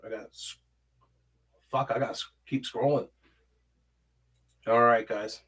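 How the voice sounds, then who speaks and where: A man's voice: medium pitch, fairly even intonation, unhurried, a bit bright, breathy edge. A man hosting a casual livestream from home, reading chat and rambling through stories, swearing a lot and humming filler syllables while he scrolls.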